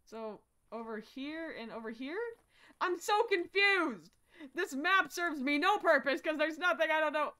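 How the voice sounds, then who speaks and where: A young woman with a high, bright voice narrates her horror game play on a live stream. She is jumpy and profane, drops to a mutter, then bursts into shouts. Her talk is slow and drawn out. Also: animated. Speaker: streamer playing horror games. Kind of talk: live-stream gameplay commentary.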